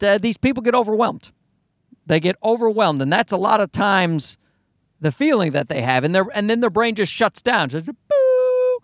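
A man hosting a podcast in a casual, rambling monologue, sarcastic and quick to swear. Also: sits high, a bit bright, no room sound, clean studio sound. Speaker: podcast host.

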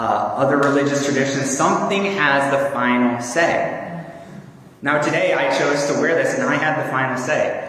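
A man's voice: medium pitch, a bit bright. A man preaching a sermon in an earnest, conversational way with small fillers. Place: church hall. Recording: echoey hall from far off.

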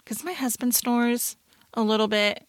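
A woman's voice: fairly high pitch, unhurried, dry recording, clean studio sound. A middle-aged woman co-hosting a podcast, telling a self-mocking story in casual chat, full of fillers. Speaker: podcast co-host.

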